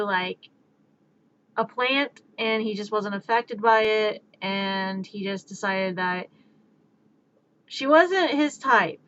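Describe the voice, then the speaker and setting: A woman streamer in casual rambling chat, ranting in an animated, exasperated way. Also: on the high side, dull audio.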